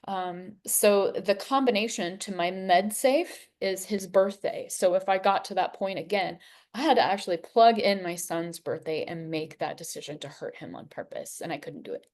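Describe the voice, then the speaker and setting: A woman in her forties giving an earnest, emotional personal testimony as an interview guest, unhurried, with long pauses. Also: on the low side, darkish tone. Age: 40s.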